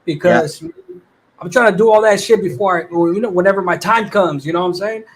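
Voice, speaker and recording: A man's voice: high voice, brisk. A young man in his twenties hosting a casual livestream chat, talking in laid-back slang and laughing often. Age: 20s. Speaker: livestream host.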